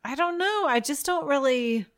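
A woman's voice: sits high, animated, normal speed. A woman co-hosting a podcast, chatting casually and sarcastically about reality TV and swearing freely. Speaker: podcast co-host.

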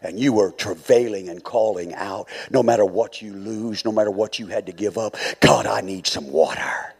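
A man preaching a sermon as pastor, swinging from quiet, low passages to high, shouted calls. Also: normal speed, gravelly, slightly rough.

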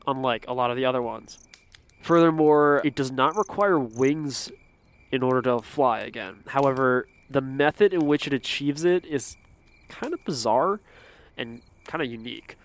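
A man with a smooth, resonant voice talks through a casual folklore explainer. He rambles a little, leaning on fillers like "kind of" and "sort of". He drops self-aware asides along the way. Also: medium pitch. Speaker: folklore video narrator.

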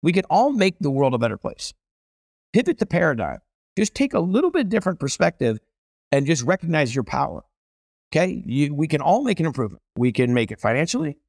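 A man's voice: a little high, very animated, a little fast, a little mellow, no room sound, studio quality. A middle-aged man, a celebrity chef guest, telling stories with energy and emphasis in a casual conversation.

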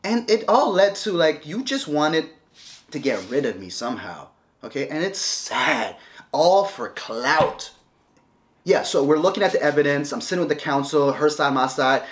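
A man's voice: a little high, lively intonation, normal speed. A man talking straight to a camera, heated and scolding, repeating himself as he confronts his ex-wife. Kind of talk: confrontational casual talk to camera.

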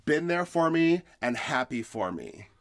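Male podcast co-host, animated and emphatic. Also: fairly high pitch, unhurried. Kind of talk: casual chat.

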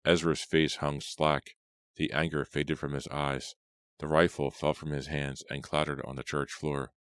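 A man with an exceptionally deep, low voice reads a dark story aloud. He keeps his narration slow, grave and measured. The sound is dry and close, with no room echo. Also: flat delivery, clean tone. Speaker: audiobook narrator. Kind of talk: scripted dramatic narration.

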